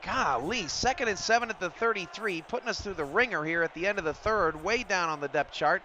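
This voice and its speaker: A man calling a simulated football game play by play, surging loud on big plays. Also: high-pitched, animated, fairly quick, slight background noise. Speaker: play-by-play commentator. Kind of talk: sports commentary.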